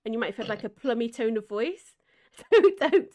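A woman's voice: a little high, lively intonation, brisk, a little mellow. A woman streaming a game, chatting casually, giggling often and reading chat aloud. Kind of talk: casual chat while gaming.

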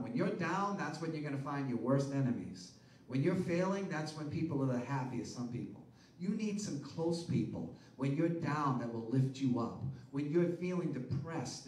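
Man, pastor, preaching sermon, high voice, rhetorical questions, echoey room, distant mic. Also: slight background noise. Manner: preaching with rhetorical questions, rising to loud emphatic peaks.

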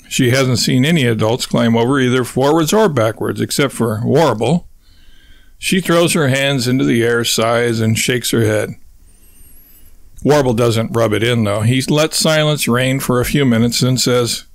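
A man's voice: mid-range voice, unhurried, no room sound. Man narrating a comic novel, dry sound. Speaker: audiobook narrator. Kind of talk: scripted narration.

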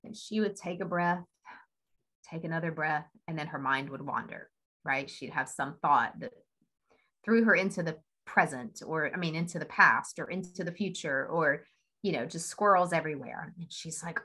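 A woman's voice: sits low, normal speed, pushed and bright, poor audio. A woman speaking on a team video call, telling a story in a chatty way and laughing often. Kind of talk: casual motivational talk.

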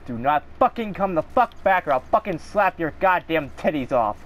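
A man's voice: on the high side, big pitch swings, normal speed. A man giving live gameplay commentary, swearing and ranting angrily at the game. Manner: profane, angry ranting at the game. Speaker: gaming video creator.

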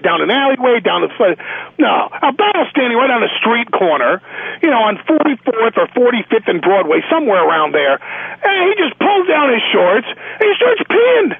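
A man telling stories as a guest on a phone call, animated, with frequent stammered restarts. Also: high voice, gravelly, slightly rough, no room sound. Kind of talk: casual phone interview anecdote. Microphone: telephone. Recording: tinny phone line.

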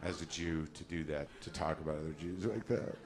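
Sardonic American man doing stand-up. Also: brisk. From United States. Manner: ranting, sardonic, acts out characters in shrill high voices. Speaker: stand-up comedian. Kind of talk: stand-up comedy set. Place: theater stage with live audience. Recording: noisy live stage recording. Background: audience laughter.

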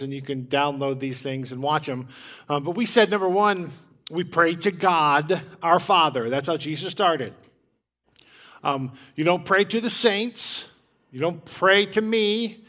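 A man's voice: fairly high pitch, a bit bright. A middle-aged man preaching a casual, plain-spoken sermon in a church, telling stories with self-deprecating humor. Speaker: pastor.

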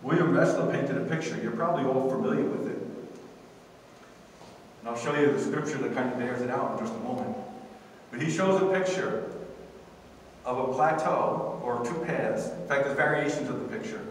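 A man's voice: medium pitch, normal speed, pauses often, slight background noise. A man preaching a sermon as pastor, emphatic with call-and-response, recorded from a distance in a church sanctuary. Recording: echoey hall from far off.

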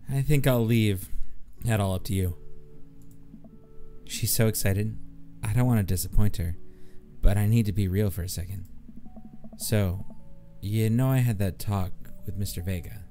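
A man's voice: lowish voice, normal speed, faint music behind. A man playing a dating game and reading its text aloud, joking and voicing the characters. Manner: animated, joking, voices all the characters. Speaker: gamer.

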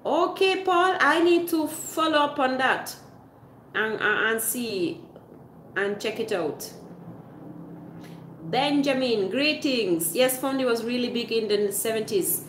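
A woman's voice: fairly high pitch, slow pace, pauses often, echoey room, background noise. A woman from Switzerland hosting a casual livestream, reading viewer comments and explaining at length with fillers and restarts. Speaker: livestream host reading chat. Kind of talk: casual live chat.

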